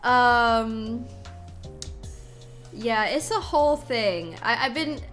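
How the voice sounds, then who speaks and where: High bright-voiced girl streaming, giggly and gushing, soft music under her. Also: animated, takes it slowly. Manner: giggly, effusive, exclaims often. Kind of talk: live-stream chat with viewers.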